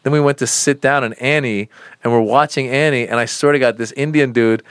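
A man's voice: mid-range voice, steady tone, a little fast, a bit bright, clear, resonant tone, no echo, clean studio sound. A middle-aged man, a comedian guest, telling stories in a casual interview, rambling with many restarts and now and then acting out the voices of people in his stories. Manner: rambling, restarts often, acts out voices in quotes. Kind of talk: casual storytelling in a podcast interview.

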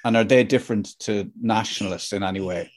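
A man's voice: fairly low pitch, steady tone, fairly quick. A man from Ireland hosting a podcast in casual chat, joking, opinionated and swearing freely. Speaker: podcast host.

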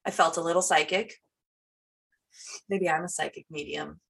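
A woman's voice: sits low, steady tone, normal speed, vocal fry, fairly bright tone, distant mic. A woman co-hosting a podcast in casual chat, chatty with many fillers. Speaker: podcast co-host.

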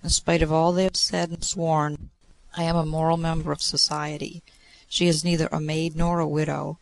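A man plays a mortal king hopelessly in love, earnest and pleading in his address. The tone is slightly high with a gravelly rasp. It is a storybook reading. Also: little pitch movement, moderate pace, low-quality recording.

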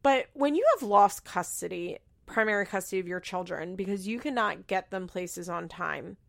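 Young woman podcaster, casual gossipy recap, lots of fry, swears a bunch. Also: mid-range voice. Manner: chatty, swears freely, frequent laughter. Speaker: podcast host.

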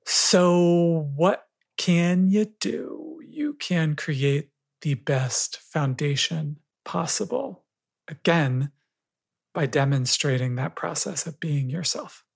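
A podcast guest giving calm, reflective advice in a thoughtful conversational way. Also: mid-range voice, slow, gravelly, slightly rough. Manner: calm, reflective, laughs easily.

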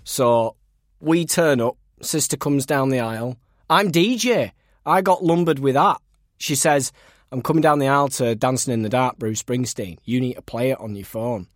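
A man, a podcast co-host telling stories in casual chat, breaking into high laughs. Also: normal speed, dry recording, clean studio sound. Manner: lively storytelling, bursts into high laughs.

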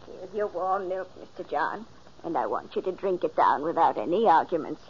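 Breathy, fussing housekeeper, old lo-fi radio play sound. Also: female voice, on the low side, animated, normal speed. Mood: scolding. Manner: scolding, caring. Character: fussing, motherly older housekeeper. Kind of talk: 1940s radio acting. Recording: dull lo-fi 1940s radio recording.

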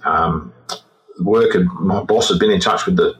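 A man's voice: low voice, a little hiss or hum, poor audio. A man in his sixties with an Australian accent, a retired forensic examiner telling his story in an interview, often repeating words as he goes. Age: 60s. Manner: halting, repeats words as he recounts.

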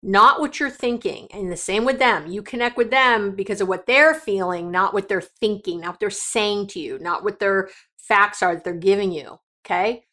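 A woman's voice: medium pitch, moderate pace, pushed and bright. A middle-aged woman hosting a solo podcast, talking straight to her listeners in a direct, coaching and emotional way. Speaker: podcast host.

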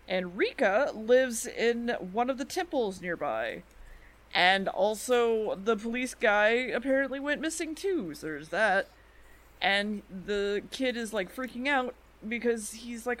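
A woman co-hosting a podcast, casually recapping anime episodes in a chatty way, full of "like" and "um" and quick quoted asides. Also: a little high, expressive, fairly bright tone. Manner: chatty, quoting characters in quick asides, lots of "like" and "um". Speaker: podcast co-host.

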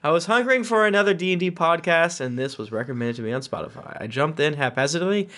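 A man with a fairly high-set voice reads listener reviews on his podcast. He keeps it loose and casual, cutting in with jokey asides and little chuckles between the quotes. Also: animated, quick pace, pushed and bright. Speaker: podcast host.

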